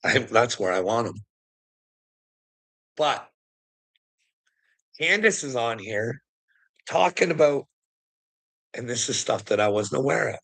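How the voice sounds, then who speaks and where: Laughing frequently and cursing as he goes, a man rambles through a casual, sardonic monologue of conspiracy commentary. His voice is medium-pitched, gravelly, and a bit bright, and the recording is rough.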